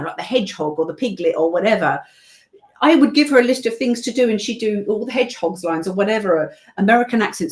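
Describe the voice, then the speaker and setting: A British woman who works as a voice-over narrator, chatting as a guest in a casual interview, talking in long rambling stories full of asides. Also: medium pitch. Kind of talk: casual video-call interview.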